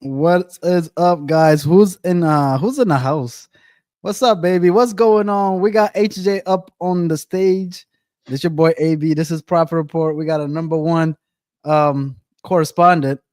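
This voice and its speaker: Male co-host, bit high-pitched, loose and jokey, dry close mic. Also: measured pace, darkish tone, no echo. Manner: laid-back, joking, slangy. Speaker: podcast host. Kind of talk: casual chat.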